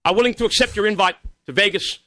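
A man putting on an exaggerated, rushed voice to read out a viewer's message. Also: high-pitched, pushed and bright, no room sound, studio quality. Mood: mock earnest.

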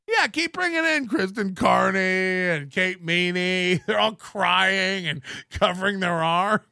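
Excitable male host, mocking and laughing, bright edgy tone. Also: high voice, takes it slowly, creaky, dry recording, studio quality. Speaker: podcast host. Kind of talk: ranting commentary.

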